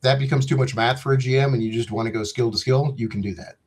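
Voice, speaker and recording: A man's voice: mid-range voice, fairly even intonation, fast, a little mellow. A man in his fifties, a game designer talking through a video call, rambling and joking with digressions. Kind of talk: casual interview chat.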